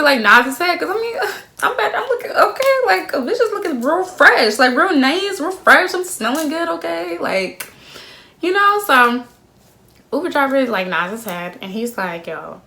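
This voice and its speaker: A young woman in her twenties telling a story to her phone camera in a casual, slangy, animated way, laughing often. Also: high voice. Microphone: phone camera at arm's length.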